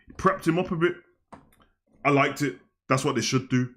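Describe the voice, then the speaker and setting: A young man, casually reviewing a wrestling show on a live stream, animated and slangy, jumping from loud outbursts to mumbled asides. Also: a little high, moderate pace, long pauses.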